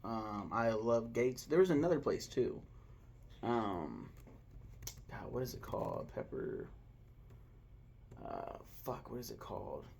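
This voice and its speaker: A man's voice: on the low side, big pitch swings, takes it slowly, creaky, long pauses, darkish tone, slight background noise. A young man casually ranking his favorite restaurants, rambling, swearing freely and stopping to search aloud for names. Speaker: vlogger. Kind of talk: casual food ranking vlog.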